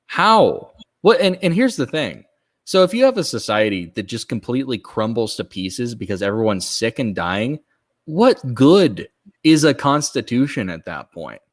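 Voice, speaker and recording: A man co-hosts a casual political podcast at a middle pitch. His voice swings lively up and down as he fires off short, incredulous remarks. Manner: incredulous, quick interjections. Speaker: podcast co-host.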